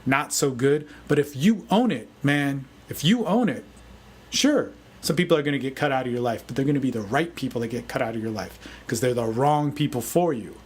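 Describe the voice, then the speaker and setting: A man giving a casual, energetic motivational talk as a dating coach, often saying "man". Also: mid-range voice, fairly quick, slightly rough. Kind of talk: casual video talk answering a forum question.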